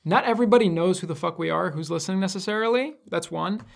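A man from New York with a New York accent, a podcast co-host talking in a measured, laid-back way. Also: sits high, creaky. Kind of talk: casual chat.

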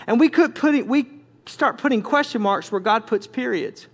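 Man, pastor, high-pitched voice, conversational sermon, candid, stumbling restarts. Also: moderate pace.

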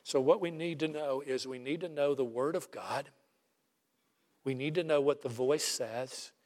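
A man's voice: mid-range voice, unhurried, darkish tone. A man preaching an emphatic sermon as pastor, ending by leading a prayer. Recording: long reverb of a large hall.

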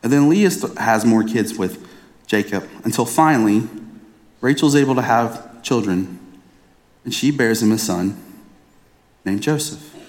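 A man's voice: mid-range voice, a little slow, pauses often. A man in his thirties preaching a sermon as a pastor, telling a personal story in an earnest, conversational way and often restarting his phrases. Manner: earnest, conversational storytelling with frequent repeated starts.

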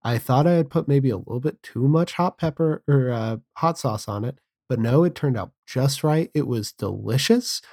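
Mellow-voiced man rambling dryly. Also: medium pitch, moderate pace, hardly any pauses. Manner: dry, deflecting, rambling asides. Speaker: podcast co-host. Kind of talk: casual film discussion.

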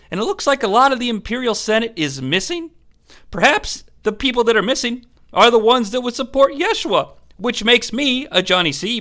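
Give me a man doing an eager wrestler type, gravelly and high. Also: sharp tone, heavily acted. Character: chatty male wrestler, upbeat and scheming.

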